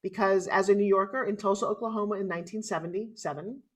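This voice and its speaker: A woman's voice: mid-range voice, fairly even intonation, quick pace. A middle-aged woman with a New York accent, a motivational speaker telling her life story as a podcast guest. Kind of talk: interview storytelling.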